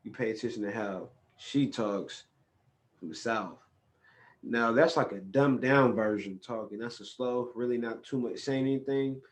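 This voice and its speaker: Man, podcast host, loose profane talk, animated storytelling, mid-pitched voice. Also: moderate pace. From California. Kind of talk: casual chat.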